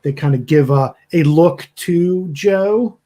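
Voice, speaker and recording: A man's voice: on the high side, slow pace, warm tone. A man narrating as game master, casual and stopping often to search for words.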